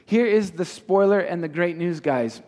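A man's voice: high voice, lively intonation, dark tone. A man leading a youth group as their pastor, teaching interactively and firing question after question at the audience. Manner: asks the audience many quick questions. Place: large hall with an audience. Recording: reverberant hall.

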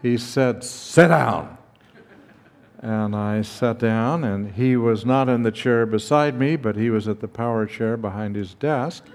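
An older man slowly telling a personal story, acting out the dialogue with dramatic pauses. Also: mid-range voice, a little mellow. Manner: slow, dramatic retelling with acted dialogue. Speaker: speaker recounting his teaching past.

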